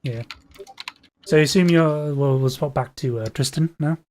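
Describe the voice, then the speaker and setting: A man's voice: fairly high pitch, darkish tone, a little hiss or hum. A man narrating as game master of a tabletop game, hesitant, with frequent fillers and restarts. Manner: halting, filler-heavy, restarts sentences.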